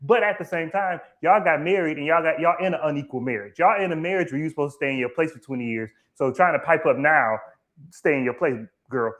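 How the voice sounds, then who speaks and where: Emphatic man with a high voice. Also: fast, fairly bright tone. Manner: emphatic, colloquial, repeats words when heated. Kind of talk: live TV episode review chat.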